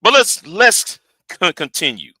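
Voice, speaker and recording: A man hosts a live stream, reacting to clips with excitable commentary and repeating words as he builds toward a point. His voice is high and husky, his pace measured, and the recording is dry.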